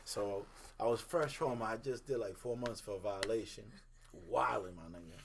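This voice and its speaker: Animated young man telling a wild story. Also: lowish voice, moderate pace, gravelly, a little hiss or hum. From Dominican heritage. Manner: animated, laughing, acts out quotes. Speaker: podcast co-host. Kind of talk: casual storytelling chat.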